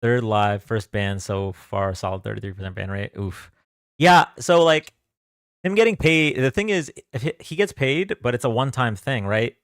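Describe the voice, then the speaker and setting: A man's voice: mid-range voice, lively intonation, moderate pace, dry recording, studio quality. A young man hosting a live stream from home, chatting casually and greeting viewers by name in a loose, joking way. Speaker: livestream host.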